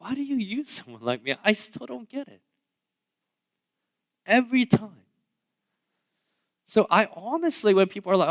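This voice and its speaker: This pastor, a man in his thirties, delivers a sermon in a church sanctuary with a voice that sits high, at normal speed with frequent pauses. His animated, conversational style is loaded with fillers and asides, alternating loud and quiet remarks.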